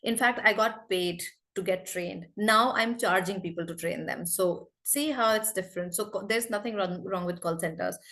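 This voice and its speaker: A woman in her forties from India, teaching an online spoken English class over a video call in a lively, encouraging way. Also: mid-range voice, normal speed, few pauses. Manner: lively, encouraging, addresses students often.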